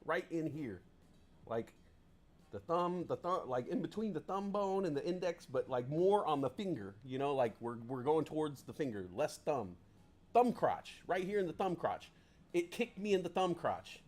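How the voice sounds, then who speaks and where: A man's voice: fairly high pitch, sing-song, moderate pace, a little mellow. A man hosting a casual livestream who rambles in a chatty, self-deprecating way, close on a desk mic. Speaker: livestream host.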